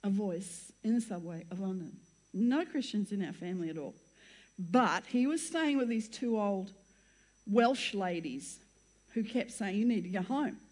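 An older woman gives a church testimony of her life story to an audience in an animated, mid-range, slightly mellow voice, speaking a little slowly. She's chatty and rambling, often breaking off mid-sentence to laugh.

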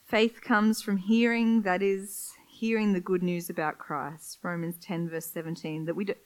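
A woman's voice: lowish voice, little pitch movement, normal speed, rough recording. A woman preaching a sermon, reading scripture and telling personal stories in a candid, conversational way.

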